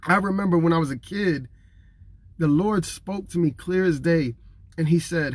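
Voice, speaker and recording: A man's voice: on the high side, normal speed, no room sound. A man in his thirties preaching to camera in an earnest, conversational way, emotional and near tears. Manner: earnest and conversational, acting out what others say; emotional, fighting back tears.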